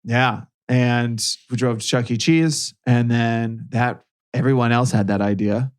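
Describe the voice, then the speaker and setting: A man's voice: medium pitch, steady tone, measured pace, clean tone. A man in his thirties, a guest podcast co-host, telling a casual story with dry, sarcastic humor.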